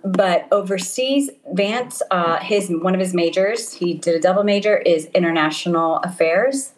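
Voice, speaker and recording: A middle-aged woman missionary talking casually as an interview guest, laughing often and filling pauses with ums. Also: on the low side, low-quality recording. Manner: warm, laughs often, many ums and restarts. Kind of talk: casual conversation. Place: home in Italy, over a call.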